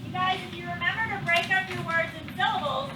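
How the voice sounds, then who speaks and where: A woman leads a classroom phonics lesson in a very high voice, patiently coaxing answers from her pupils. She is picked up from a distance in an echoing room, with steady background noise around her. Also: quick pace. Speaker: teacher. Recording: echoey classroom, far from mic, background noise.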